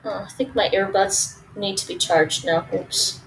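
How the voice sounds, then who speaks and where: A woman's voice: medium pitch, steady tone, measured pace, gravelly, fairly bright tone, distant mic, a little hiss or hum, rough recording. A woman, chatting casually and thinking aloud while she cooks at home and answers her stream chat. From Toronto, Canada. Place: home kitchen.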